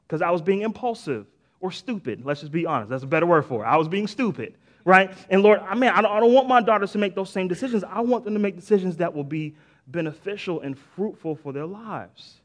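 A middle-aged male pastor preaches a sermon casually and conversationally, frequently saying "man" and "right?", with restarts and sudden bursts of emphasis. His voice is high and his delivery brisk.

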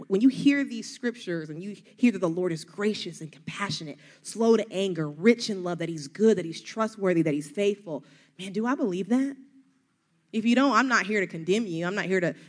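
A middle-aged woman with a Southern US accent, preaching an earnest, encouraging sermon full of rhetorical questions. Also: lowish voice.

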